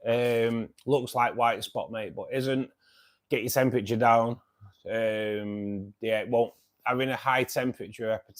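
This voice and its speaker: A man's voice: lowish voice, fairly even intonation, normal speed. A man hosting a casual livestream, chatting with viewers in a friendly, hesitant way, full of ums and calling people mate and buddy. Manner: hesitant, many ums and restarts. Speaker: aquarium channel host.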